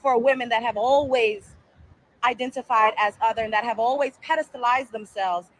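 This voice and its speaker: A woman's voice: on the high side, normal speed, echoey room, slight background noise. A woman hosting a reaction commentary show, blunt and profane, firing off rhetorical questions.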